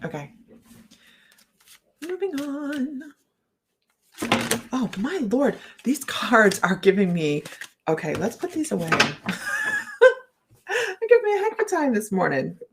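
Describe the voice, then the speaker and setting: A woman's voice: a little high, very animated, takes it slowly, long pauses, very noisy. Chatty laughing woman host. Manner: rambling storyteller, laughs often. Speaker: psychic and certified hypnotist. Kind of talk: casual livestream chat.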